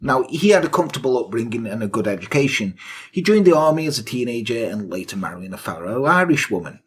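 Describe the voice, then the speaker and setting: Husky guy podcaster, swears constantly, voice jumps all over while he riffs. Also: medium pitch, very animated, fast talker. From England. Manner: swears a lot, jokey asides. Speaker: podcast co-host. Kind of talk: casual crude comedic chat.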